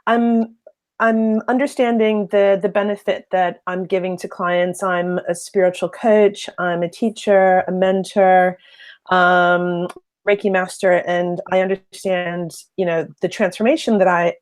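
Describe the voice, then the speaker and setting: A woman's voice: fairly low pitch, steady tone, a little slow, a little mellow. Hesitant woman with a mid-Atlantic accent. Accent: mid-Atlantic, American mixed with British. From Philadelphia, United States. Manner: thoughtful, hesitant, many ums. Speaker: spiritual coach calling in. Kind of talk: live call-in question.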